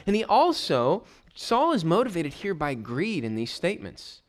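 Animated preacher, lively pitch swings. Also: male voice, unhurried. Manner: reads scripture aloud then explains it, asking the listeners questions. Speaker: pastor. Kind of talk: expository sermon.

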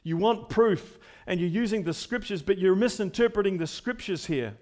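A pastor preaching a sermon to his congregation, emphatic, his voice swinging between loud and quiet. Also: normal speed. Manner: emphatic preaching with wide swings in pitch and loudness.

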